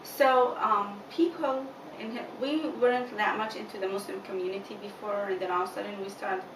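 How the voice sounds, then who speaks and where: A woman's voice: mid-range voice, fairly even intonation, fairly quick. A woman giving an earnest personal account in an interview, retelling conversations with many quoted lines. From United States. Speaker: mother of a jailed son, interviewee. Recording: echoey room, distant mic, noisy.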